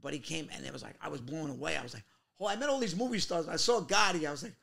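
A middle-aged man from Queens, telling animated stories in a casual interview and acting out other people's voices. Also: a little high, racing, vocal fry. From Queens, New York. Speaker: guest actor.

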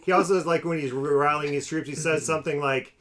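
A man co-hosting a casual movie podcast, explaining his point in a measured, slightly hesitant way. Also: on the high side, steady tone, fairly bright tone. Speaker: podcast co-host. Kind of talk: casual movie review chat.

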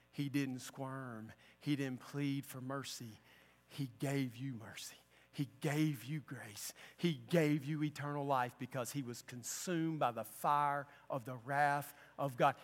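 A man preaching a sermon with passion, moving between loud declarations and hushed lines. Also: mid-range voice. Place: church sanctuary. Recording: long church-hall reverb.

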